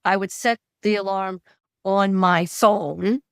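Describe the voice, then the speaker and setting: A middle-aged woman, a guest author, telling stories in an animated way and acting out quoted dialogue. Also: medium pitch, takes it slowly, clean tone, dry recording, studio quality. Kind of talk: conversational storytelling.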